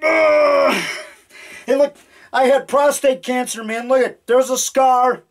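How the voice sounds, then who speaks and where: A man in his fifties rambling excitedly through a home video in his basement, now and then growling mock monster roars. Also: very high voice, moderate pace. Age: 50s. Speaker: independent horror filmmaker. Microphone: handheld digital camera.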